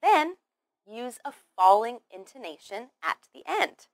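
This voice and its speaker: In a slow, scripted English pronunciation lesson, a woman over-articulates each word with care, drills it in repetitions, and praises the learner. Her voice is fairly high and very animated, with no echo.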